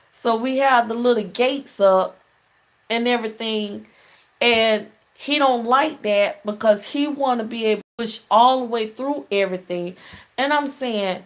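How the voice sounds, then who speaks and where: A woman's voice: on the high side, a little slow. A middle-aged woman hosting a casual call-in show, telling stories in a chatty way and laughing often. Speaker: talk show host.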